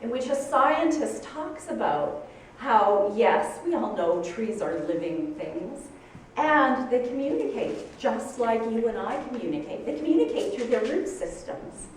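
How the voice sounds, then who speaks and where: Woman, spiritual talk, high voice, expressive storytelling, roomy distant sound, faint hiss. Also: a little slow. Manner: animated storytelling, acting out her own shocked outbursts. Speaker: speaker giving a Sunday talk. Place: church hall with audience. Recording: echoey hall from far off.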